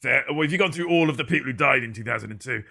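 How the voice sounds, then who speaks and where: This livestream quiz host races through one guess after another in a medium-pitched voice that's gravelly and a touch husky. The mood is casual, his delivery bright and forward, and his jokes land dry and deadpan.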